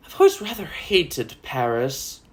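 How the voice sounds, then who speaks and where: A woman's voice: low voice, wildly swooping pitch, a little slow, heavily acted. A woman voicing a brittle, desperate young woman with bitter wit, retelling a stage musical. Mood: arch.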